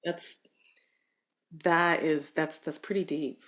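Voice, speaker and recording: A woman's voice: sits low, steady tone, slow pace, fairly bright tone. A woman hosting a podcast, asking eager, encouraging questions. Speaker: podcast host. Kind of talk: casual interview chat.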